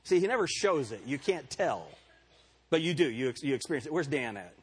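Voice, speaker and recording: A man's voice: a little high, big pitch swings, brisk, husky. A male pastor giving a candid, conversational sermon to his congregation and calling on members by name. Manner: candid and self-deprecating. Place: church service before a congregation.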